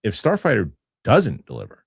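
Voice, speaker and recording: Man, show host, low voice, casual movie chat, jokey, dry close sound. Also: normal speed, creaky, slightly rough, dry recording. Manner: animated, jokey, reads headlines aloud.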